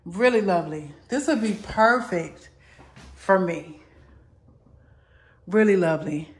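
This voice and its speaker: Slow-talking woman touring a home. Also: lowish voice, lively intonation. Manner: chatty, repeats "really lovely". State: out of breath. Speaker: home tour vlogger. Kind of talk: casual home tour narration. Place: indoors in a modular home. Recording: echoey empty rooms.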